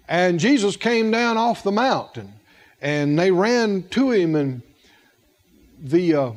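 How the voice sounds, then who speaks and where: A man's voice: high-pitched, big pitch swings, slow. A man preaching a sermon, asking the congregation questions and repeating words for emphasis.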